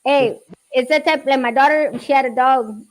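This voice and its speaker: Woman, high voice, animated storyteller, laughs a lot, casual chat. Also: normal speed. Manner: animated storyteller, laughs often, swears freely. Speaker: parent guest in a chat.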